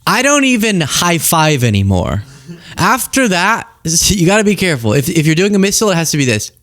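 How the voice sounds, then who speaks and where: A young man hosting a comedic political commentary show, sarcastic and animated, often laughing mid-sentence. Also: sits high, fairly quick.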